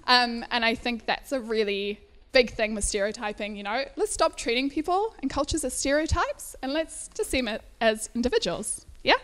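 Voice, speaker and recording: A woman's voice: on the high side, moderate pace, few pauses, a bit bright. A woman in her thirties from South Africa, telling a personal story to a live audience at an indoor event, chatty and laughing often between fillers.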